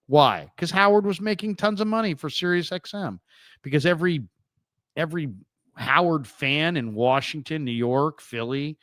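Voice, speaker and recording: Chatty sports radio host, dry close sound. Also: male voice, medium pitch, fairly bright tone, no echo. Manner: chatty, wry, laughs at his own stories. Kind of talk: casual sports talk monologue.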